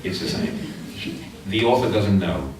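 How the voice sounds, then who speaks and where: A man's voice: on the low side, big pitch swings, unhurried, background noise. A middle-aged man with a Chilean Spanish accent giving an academic conference talk, explaining things in a chatty way with asides. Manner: explanatory, chatty with asides, taps out beats aloud. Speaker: lecturer. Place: lecture hall. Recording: echoey hall from far off.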